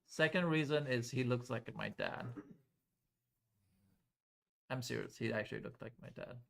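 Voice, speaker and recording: A man's voice: medium pitch, normal speed, creaky. A man teaching calculus to a live class in a loose, conversational way, often checking whether students follow.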